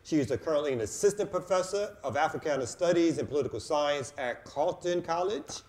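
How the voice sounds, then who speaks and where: A man's voice: on the high side, animated, fairly quick, darkish tone. A male show host in casual chat, loose, profane and joking, who stretches out long questions.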